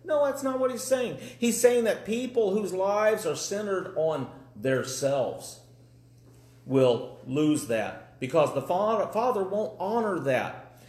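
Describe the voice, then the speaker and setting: A man's voice: high voice, animated, takes it slowly, a little mellow, reverberant. A man preaching a live sermon in a folksy, conversational way, with dry humor.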